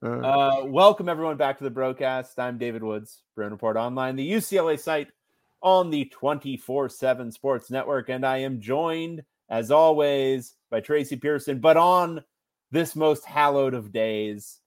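A man hosting a sports podcast, gleeful and animated, giving blunt opinions in casual chat. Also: medium pitch, measured pace. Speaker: podcast host.

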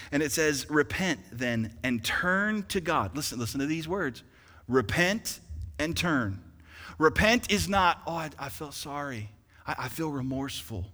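A male pastor delivers a sermon with a bright, forceful tone that ranges from hushed explanation to fervent shouting. His voice rings out in a church sanctuary with a long hall reverb. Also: mid-range voice. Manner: animated preacher, swings from quiet to loud.

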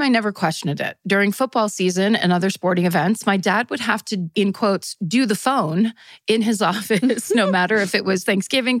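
A woman's voice: mid-range voice, no echo. Laughing woman reading letters aloud. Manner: laughs often while reading, playful asides. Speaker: podcast co-host. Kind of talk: casual chat, reading listener letters aloud.

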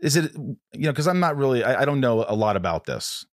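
A man's voice: medium pitch, sing-song, brisk, no echo, studio quality. A man hosting a podcast interview, talking in a rambling, casual way, often restarting his sentences and swearing now and then. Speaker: podcast host.

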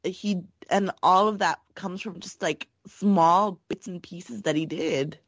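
A woman co-hosting a casual podcast chat, excitable and chatty. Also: lowish voice, slow pace, no echo. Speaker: podcast co-host.

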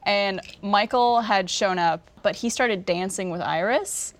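A woman's voice: mid-range voice, measured pace. A woman from Canada hosting a casual chat and reading out game questions, laughing often. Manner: chatty, laughs often, reads questions aloud steadily. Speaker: host.

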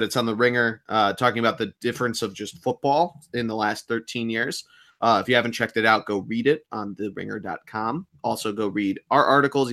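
A man's voice: medium pitch, a bit bright. A man co-hosting a sports podcast, talking in a nervous, rambling, self-deprecating way. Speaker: podcast co-host. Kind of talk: casual sports podcast chat.

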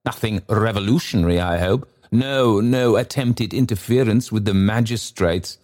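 A man's voice: fairly low pitch, normal speed, darkish tone, voice pushed up, close to an everyday voice. A smug town alderman holds forth in a raised, pompous voice, done by a male reader. He sounds sanctimonious and self-important, and he drives each phrase with showy gravity. It is a storybook figure.

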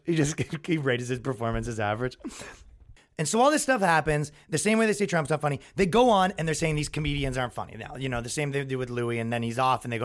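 A man's voice: mid-range voice, fast. A young adult man hosting a podcast, ranting casually and acting out quotes in his own voice. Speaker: podcast host. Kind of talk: casual comedic rant.

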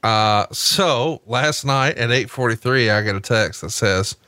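A man's voice: fairly low pitch, unhurried, few pauses, bright, forceful tone, no room sound, clean studio sound. A man co-hosting a wrestling podcast, chatting casually, swearing freely and laughing often. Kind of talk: casual profane banter.

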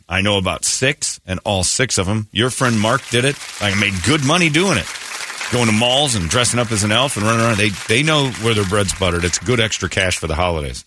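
A man hosting a comic morning radio show, telling stories in an animated way and acting out voices. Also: fairly low pitch. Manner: animated storytelling with laughs and acted-out voices. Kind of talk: comedic morning radio talk.

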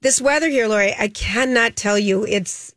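A woman co-hosting a radio show in casual chat, chatty and animated and quick to laugh. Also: mid-range voice, no room sound. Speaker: radio co-host.

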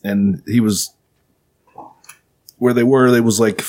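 A man's voice: mid-range voice, steady tone, slow pace, a little mellow. A man casually retelling a story to friends, rambling with lots of fillers and swearing. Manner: rambling, profane, filler-heavy.

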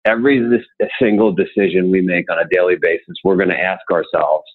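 A man with a fairly low voice tells motivational stories in an interview. He gets animated and acts out the people he quotes. His voice comes through a narrow, tinny, phone-like line. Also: fast talker. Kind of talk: motivational storytelling.

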